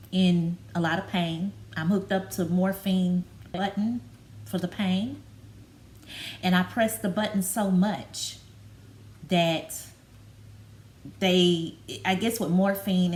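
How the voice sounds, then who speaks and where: A woman talking candidly in a personal vlog, halting and open, with many fillers. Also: fairly low pitch. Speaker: vlogger. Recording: roomy with faint background noise.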